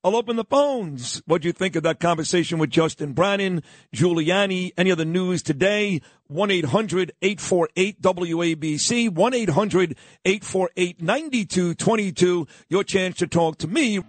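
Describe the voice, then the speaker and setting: Combative New radio host, high husky voice. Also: male voice, moderate pace, dry recording, poor audio. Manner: combative, interrupts, repeats questions. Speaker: radio talk show host. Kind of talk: heated political radio interview.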